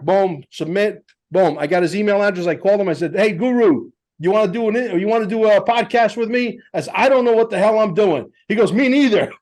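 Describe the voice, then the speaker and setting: A man hosting a casual podcast, talking in a lively, emphatic and blunt way. His voice sits fairly high for a man, and he tells his stories with energy. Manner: animated storyteller, emphatic and blunt. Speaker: podcast host.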